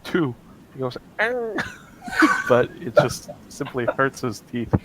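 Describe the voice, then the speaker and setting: A man playing a tabletop game, playful, laughing and acting out his character's shouts. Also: mid-range voice, little pitch movement, unhurried, noisy background. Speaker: player. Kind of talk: casual tabletop game play.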